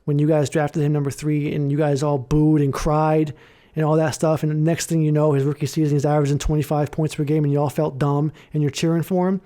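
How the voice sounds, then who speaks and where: A man's voice: fairly high pitch, flat delivery, a little fast, few pauses, warm tone. A young man co-hosting a podcast, chatting loosely and animatedly about football and saying "bro" often. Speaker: podcast co-host. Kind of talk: casual sports chat.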